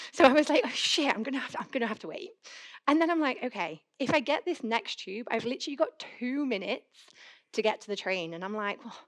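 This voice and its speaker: A young woman giving a chatty conference talk, telling anecdotes and acting out her own inner voice. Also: fairly high pitch. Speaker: conference speaker. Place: conference hall.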